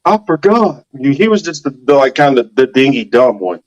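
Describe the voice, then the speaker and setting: A man's voice: medium pitch, animated, brisk, dull audio. A man hosting a casual panel podcast, teasing his guests and swearing freely. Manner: joking, profane, teasing the panel. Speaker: podcast host.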